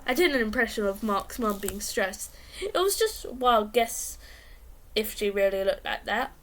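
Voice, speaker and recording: A woman reading a children's storybook aloud in a lively, expressive way. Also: mid-range voice, normal speed. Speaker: reader.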